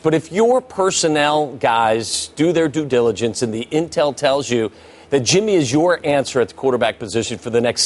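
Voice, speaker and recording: Measured man making his case. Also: medium pitch. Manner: measured, explains with analogies. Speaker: NFL analyst guest. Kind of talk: sports debate show.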